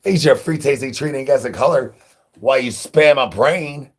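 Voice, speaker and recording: Husky man rattling off rhyming nonsense. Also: medium pitch. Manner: rapid rhyming nonsense banter. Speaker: livestream host. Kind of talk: live stream chatter.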